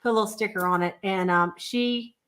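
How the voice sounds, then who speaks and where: A woman's voice: mid-range voice, a little fast, fairly bright tone. A woman chatting casually on a video call, telling customer stories and laughing often. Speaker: sales consultant. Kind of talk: casual livestream chat.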